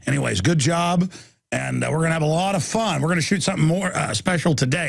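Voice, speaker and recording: A middle-aged man hosting a radio show, rambling through shout-outs to his team and repeating words for emphasis. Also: medium pitch, a little fast, vocal fry, breathy edge, dry recording, clean studio sound. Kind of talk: enthusiastic on-air shout-outs.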